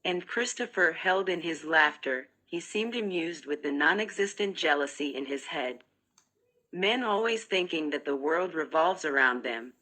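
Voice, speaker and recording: A woman reads a first-person audiobook in a measured, steady way. Her voice sits low but sounds bright and forceful. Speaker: narrator.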